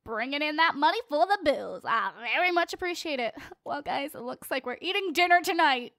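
High-voiced chatty teen girl gamer. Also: lively intonation, fairly quick, a bit bright, no room sound, clean studio sound. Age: late teens. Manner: chatty, playful, jokes with viewers. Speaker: let's play host. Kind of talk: casual gameplay commentary.

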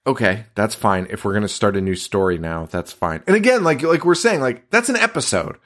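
A male podcast co-host talks through a movie's plot in loose, casual chat. His pitch swings widely as he gets worked up, and he curses freely. Now and then he drops into mock voices for the characters. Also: a little fast. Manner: animated, swears a lot, acts out characters' lines.

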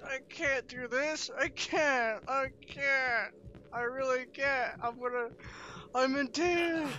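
A man's voice: very high-pitched, takes it slowly. A young man hosting a horror game playthrough, jumpy and emotive as he talks while he plays, on a home setup late at night. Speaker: gaming video host. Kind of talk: horror let's play commentary. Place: home room, gaming at night. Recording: dull lo-fi mic with steady noise.

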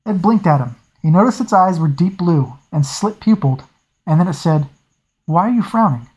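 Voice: mid-range voice, lively intonation, normal speed, a little mellow, slightly rough, low-quality recording. A hobby reader narrating a fantasy novel aloud, often stumbling over words and correcting itself. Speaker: audiobook reader.

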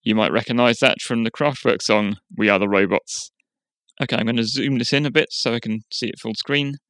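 A man hosting a software tutorial, explaining each step in a plain, steady way. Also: mid-range voice, a little fast, dry recording. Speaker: tutorial host. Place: quiet room.

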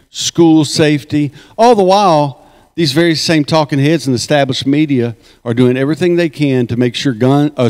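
A man's voice: medium pitch, a little mellow, clear, resonant tone. A man giving a folksy, joking talk at a conference and leading the crowd in chants. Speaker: conference speaker. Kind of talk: speech at a conference. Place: conference hall.

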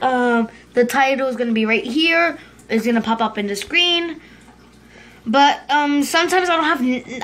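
A female host giving casual commentary over her gameplay, excitable, yelping and urging herself on, dropping to hushed whispers when scared. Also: sits high. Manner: excitable, yelps and shrieks, fast repeated urging. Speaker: gaming video host.

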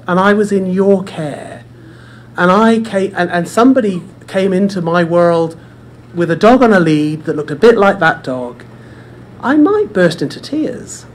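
Brief: forum presenter, conversational storyteller, middle pitch, faint room noise. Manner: chatty, repeats words, addresses audience directly. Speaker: speaker at a dementia care forum. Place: indoor room with audience.

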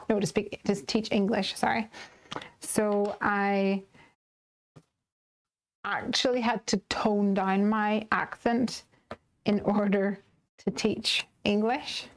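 A woman with a soft Northern Irish accent chatting casually while she makes cards on a live stream and answers viewer comments. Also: medium pitch, vocal fry, slight background noise. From Northern Ireland. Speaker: live stream craft host. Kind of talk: casual chat while demonstrating card making.

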